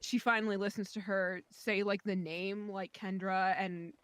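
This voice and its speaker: A woman tells a long, meandering story over a voice call from home, her delivery stuffed with "like"s and little restarts. She sits at a mid pitch, and her voice comes through dry and close, with no room sound. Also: level tone, moderate pace, fairly bright tone, clean tone, no echo. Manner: rambling, many fillers and likes. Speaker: friend on voice chat. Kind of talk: casual storytelling.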